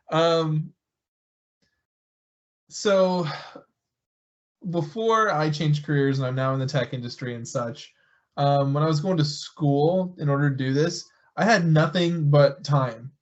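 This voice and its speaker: Higher-voiced man telling a story. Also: takes it slowly, pauses often, lo-fi sound. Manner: relaxed, storytelling, chuckles. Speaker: podcast founder. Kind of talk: casual podcast chat.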